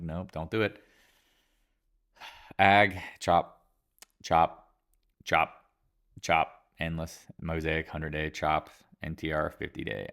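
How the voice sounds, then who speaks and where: Gravelly low-voiced man rambling through charts. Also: fairly bright tone. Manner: rambling, offhand and joking, quick asides. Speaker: market commentator. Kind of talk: casual market chart review.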